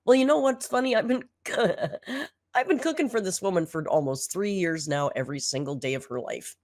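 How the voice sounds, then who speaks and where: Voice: medium pitch, expressive, fairly quick, a little mellow, dry recording, clean studio sound. A commentary host reacting to a food video, sarcastic, exasperated and blunt.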